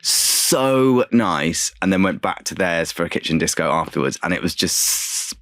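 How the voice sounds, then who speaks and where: A man's voice: deep voice, animated, a little slow, a bit bright, no room sound, studio quality. A man, a chef, talking as a guest on a radio show, enthusiastic and chatty with frequent restarts. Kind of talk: casual interview chat. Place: radio studio.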